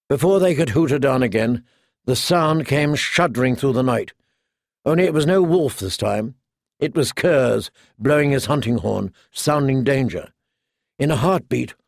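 A man reading a novel aloud with measured, even delivery. His pitch sits mid-range for a man. The sound is dry and close, with no room echo. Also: gravelly. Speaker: audiobook narrator. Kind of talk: scripted narration.

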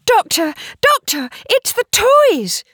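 A woman's voice: high voice, very animated, moderate pace, no room sound, clean studio sound, voice pushed up. A woman voicing an anxious, protective young woman in a storybook reading, urgent and breathless.

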